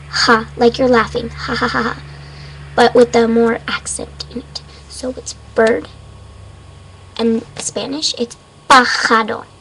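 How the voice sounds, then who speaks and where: A woman of Mexican background giving a casual webcam vocabulary lesson at her desk, unsure of herself and repeating words slowly. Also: fairly high pitch, a little hiss or hum, rough recording. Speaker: amateur language teacher. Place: home room at a desk.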